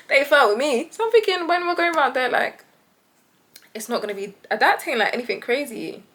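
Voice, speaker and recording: A young British woman vlogger telling a story casually, animated and laughing often, acting out the voices of the people in it. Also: sits high, normal speed, pauses often.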